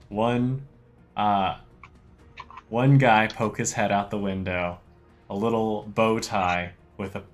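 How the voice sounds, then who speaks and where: Slow, low-voiced man running a game. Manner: relaxed, unhurried descriptive narration. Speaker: game master. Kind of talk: narrating a tabletop game.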